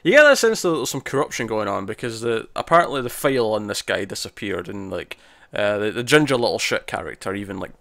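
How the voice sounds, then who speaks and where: A man's voice: on the low side, expressive, fast, creaky, few pauses, fairly bright tone, no echo. Dry, rambling podcast man. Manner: rambling recap with many restarts and quoted asides. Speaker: podcast co-host. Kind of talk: casual review chat.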